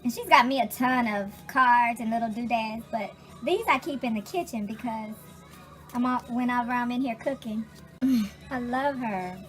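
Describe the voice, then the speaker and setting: A woman with a drawl chats loudly in her kitchen, raising her fairly high voice to be heard over music playing behind her. She curses freely and gets emotional as she talks. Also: normal speed. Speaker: vlogger. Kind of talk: casual chat. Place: home kitchen.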